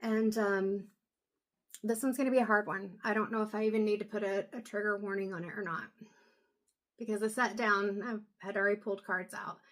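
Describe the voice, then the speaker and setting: A woman doing an intuitive reading, talking to camera in a soft, halting way with many pauses and low energy. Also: fairly even intonation. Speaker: intuitive reader. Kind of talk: casual talk to camera.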